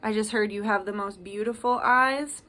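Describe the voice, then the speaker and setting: A woman's voice: mid-range voice, fairly even intonation, normal speed, a bit bright. A woman giving a casual tarot card reading, chatty and reading card messages aloud with emphasis.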